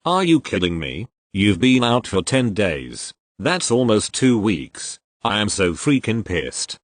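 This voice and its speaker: A man's voice: lowish voice, very animated, takes it slowly, dry recording, full character voice. A man voicing an angry ranting woman shopper. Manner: ranting, indignant.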